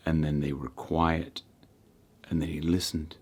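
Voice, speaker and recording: A man hosting a self-help channel, giving casual meditation advice to camera in a rambling way, with restarts and soft trailing endings. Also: very deep voice, flat delivery, unhurried.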